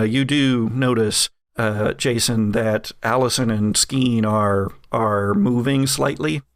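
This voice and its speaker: Gravelly-voiced male game master. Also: medium pitch, no echo, studio quality. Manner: loose, hesitant with many uhs. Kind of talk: actual-play game narration.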